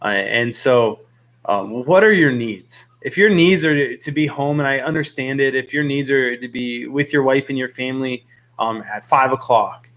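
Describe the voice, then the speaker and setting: Young male store owner, earnest, rambling, middle-pitched voice, talking to camera. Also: moderate pace, a bit bright. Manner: earnest, rambling with many fillers. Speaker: fish store owner and YouTube host. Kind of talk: casual talk to camera. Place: his aquarium store.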